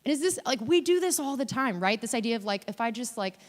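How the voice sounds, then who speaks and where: A woman giving a guest sermon in a chatty, animated way, acting out quoted voices as she talks. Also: fairly high pitch, quick pace. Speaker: guest preacher. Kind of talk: conversational sermon. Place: church sanctuary. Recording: long hall reverb in a church.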